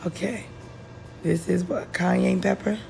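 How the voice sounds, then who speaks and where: A woman with a hoarse, deep, raspy voice, chatting casually through a cooking voice-over while she is losing her voice. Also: steady tone, slow pace, a little mellow, faint music behind. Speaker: cooking vlogger. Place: home kitchen, voice-over.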